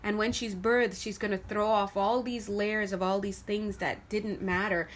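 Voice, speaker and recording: A woman doing a casual tarot reading to camera, chatty and animated, laughing often as she talks through the cards. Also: medium pitch, unhurried, slight background noise. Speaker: tarot reader.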